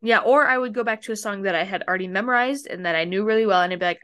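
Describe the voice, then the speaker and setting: A woman's voice: medium pitch, rapid-fire, fairly bright tone, clear, resonant tone. A young adult woman, the host's daughter, chatting casually, laughing easily and giving short replies. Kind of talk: casual conversation.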